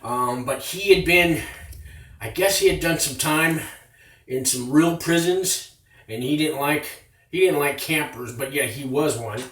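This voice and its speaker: A man's voice: fairly high pitch, unhurried, fairly bright tone, recorded from a distance. A man in his fifties telling a prison story in a rambling, profane, casual way, recorded on a tablet. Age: 50s. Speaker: former inmate vlogger. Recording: roomy, off-mic, with faint noise.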